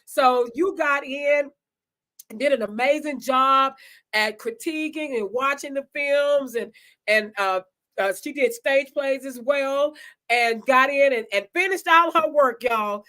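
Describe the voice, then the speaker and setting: A high-voiced woman hosts a casual online conversation. She talks in a chatty, animated way, speaking straight to her audience over a video call. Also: slow. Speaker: host. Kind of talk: casual live-stream chat.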